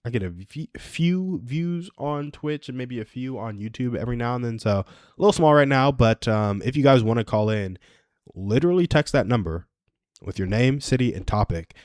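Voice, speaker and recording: A man's voice: mid-range voice, animated, moderate pace, darkish tone, dry recording, clean studio sound. A man in his twenties hosting a casual solo livestream. He rambles and chuckles at his own stories. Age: 20s. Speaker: livestream host.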